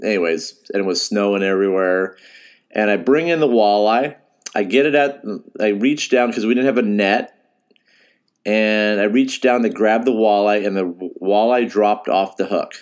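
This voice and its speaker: Middle-aged fishing guide, low voice, loose emotional storyteller who trails off and restarts. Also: male voice, normal speed. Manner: emotional, rambling, with laughs and restarts. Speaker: fishing guide and podcast host. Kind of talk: casual storytelling.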